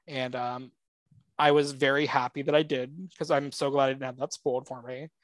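A man's voice: medium pitch, level tone, moderate pace, no echo. A man co-hosting a casual pop-culture podcast, rambling through his points with lots of filler words and plenty of fan enthusiasm. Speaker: podcast co-host.

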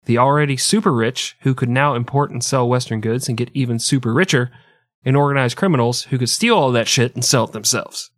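A man's voice: mid-range voice, brisk, fairly bright tone, no echo, clean studio sound. A man hosting a comedy history podcast, telling the story in a sarcastic, profane way and laughing often. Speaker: podcast host. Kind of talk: casual comedic history chat.

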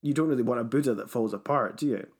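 A young man, chatting casually on a podcast, animated and teasing and quick to laugh. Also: mid-range voice, breathy edge. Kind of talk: casual chat.

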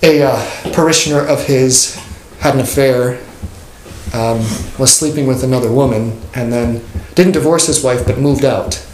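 A man's voice: medium pitch, normal speed, a little mellow. A man who is a pastor teaching an informal catechism class, talking conversationally, joking and acting out the people he quotes. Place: church classroom. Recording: echoey room with faint noise.

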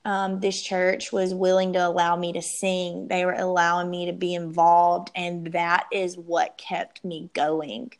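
A young woman telling her personal story as an interview guest, emotional and halting, often restarting her sentences. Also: on the low side, little pitch movement.

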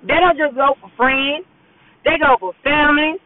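A podcast host with a high voice talks at normal speed while driving, giving a casual, blunt, cuss-filled pep talk. "You know what I'm saying" comes up again and again. The dry recording is thin and tinny, like a phone voice message.

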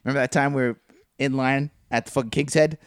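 A man co-hosting a casual podcast, swearing freely, laughing, with deadpan asides. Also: mid-range voice, fast, clear, resonant tone, dry recording, studio quality. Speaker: podcast co-host.

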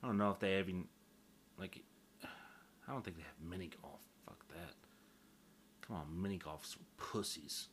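Low-voiced guy rambling on his own, swears a lot, jokes at his own expense, slow drawl. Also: slight background noise. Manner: crude, joking, self-mocking, swears freely. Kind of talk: rambling casual monologue.

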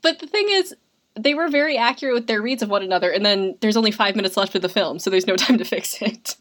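A woman's voice: medium pitch, fast, fairly bright tone. A young woman co-hosting a casual film recap, chatty and sarcastic with lots of filler words. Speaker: podcast co-host.

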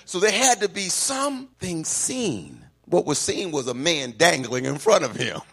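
A man preaching a call-and-response sermon, climbing into shouts at the peaks and then dropping low and quiet, in a church sanctuary. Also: very animated, unhurried, gravelly, husky. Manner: whoops and shouts at climaxes, then drops low.

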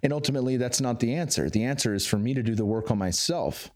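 A man in his thirties talking candidly as a podcast guest, swearing freely and getting animated. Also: mid-range voice, fast talker. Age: 30s. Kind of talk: casual interview conversation.

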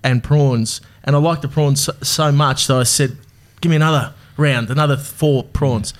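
A man's voice: mid-range voice, fairly even intonation, normal speed. A man co-hosting a podcast, joking around, swearing and laughing often. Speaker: podcast co-host. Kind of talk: casual podcast banter.

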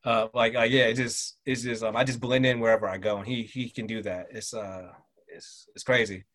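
A man in his thirties, raised in the American South, talking about his family as a guest in an easygoing conversation. His voice sits at an ordinary middle pitch. He rambles casually, with plenty of "um", "like" and "bro". He gets lively when he acts out what other people said. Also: brisk. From Southern United States. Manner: loose and chatty, full of fillers and "bro", lively when quoting people. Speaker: guest, military father.

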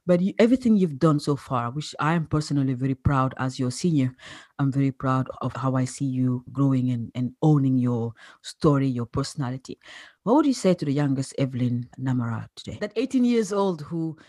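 A woman's voice: extremely low pitch, lively intonation, fairly quick, a little mellow. A woman hosting a podcast interview, effusive and encouraging, full of praise for her guest. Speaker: podcast host.

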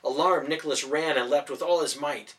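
A man narrating a storybook in expressive audiobook style. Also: a little high, brisk. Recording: voice from a distance off mic.

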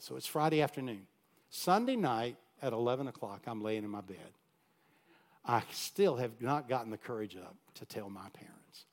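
Man telling a sermon story, loud to hushed. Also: medium pitch, moderate pace, gravelly. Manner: animated, swings from loud to hushed. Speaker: pastor.

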